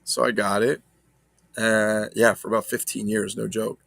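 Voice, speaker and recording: A man's voice: on the low side, level tone, moderate pace, vocal fry, fairly bright tone, no room sound. A man casually chatting about his toy collection, rambling and swearing as he talks to viewers. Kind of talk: casual unboxing chat.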